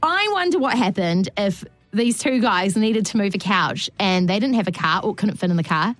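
A woman's voice: medium pitch, expressive, moderate pace, few pauses, no echo, soft background music. A woman co-hosting a radio show, chatting casually and giggling through a quirky news story with rambling asides. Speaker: radio co-host reading the news.

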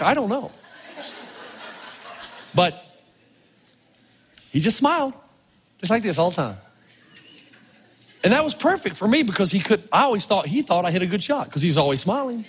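A male pastor preaching a storytelling sermon, animated, swinging from low murmurs to loud exclamations, with a husky voice. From Tennessee. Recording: long reverb of a large hall.

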